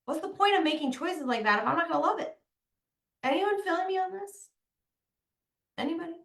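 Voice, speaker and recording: A woman's voice: very high-pitched, a little fast, a bit bright. A young woman talking candidly to other mothers in a motivational talk, chatty and emphatic, often saying "like". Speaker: mom coach, podcast host. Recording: echoey room.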